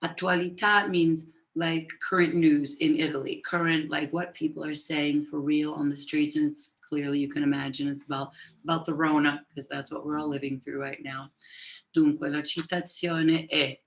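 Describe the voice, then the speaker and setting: A woman teaching Italian on a live stream, switching between Italian and English, greeting viewers and dictating phrases slowly. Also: low voice, level tone. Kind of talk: live-streamed language lesson. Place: home office with computers.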